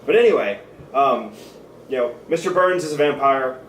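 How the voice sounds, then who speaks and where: A man's voice: medium pitch, lively intonation, normal speed. A man co-hosting a casual chat about a cartoon, rambling with lots of fillers and restarts. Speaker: podcast co-host. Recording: roomy, distant mic with faint noise.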